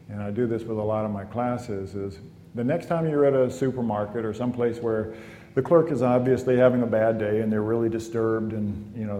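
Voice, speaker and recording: A man teaching meditation to a class in a calm, conversational talk, often saying "you know". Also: mid-range voice, slight background noise. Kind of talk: informal spoken talk to a class. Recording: echoey hall with long reverb.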